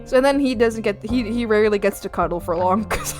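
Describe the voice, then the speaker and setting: A young woman streaming her art from home, chatting casually with viewers, giggling often and yelling playfully at her pets. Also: fairly high pitch, lively intonation, quick pace, soft background music. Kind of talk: casual live-stream chat.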